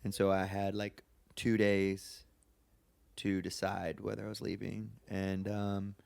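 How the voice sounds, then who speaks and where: A man, a guest singer, telling his story in a relaxed, casual way, often saying "like". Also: lowish voice, takes it slowly, creaky, clean tone. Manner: relaxed, filler-heavy, says "like" often.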